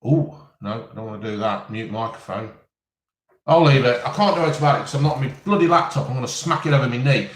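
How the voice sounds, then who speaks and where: A man's voice: mid-range voice, fast, roomy sound. A man, chatting casually on a live stream and reading out viewer comments with jokes. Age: 50s. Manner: chatty, jokey, reads viewer comments aloud.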